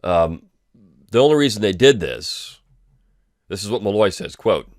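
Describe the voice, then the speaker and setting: A man with a very low voice hosts a weekly review, talking over the week's articles in a relaxed, rambling way full of ums and false starts. The recording is dry and close, with no room sound. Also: unhurried, long pauses, no room sound. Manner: loose and conversational, with frequent ums and restarts. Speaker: host of a weekly review podcast. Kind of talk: casual spoken commentary.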